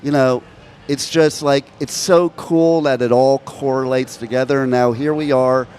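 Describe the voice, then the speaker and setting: A man's voice: mid-range voice, fairly even intonation, normal speed, darkish tone, clear, resonant tone. A male radio interviewer speaking in an enthusiastic, chatty way with many fillers, outdoors on a city street. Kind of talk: casual interview.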